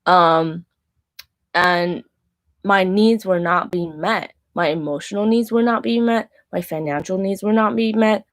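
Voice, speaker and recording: This thirty-something woman, a Christian minister, speaks at medium pitch and a little slowly. Recounting something personal, she wanders casually, leaning on "like" and often starting over.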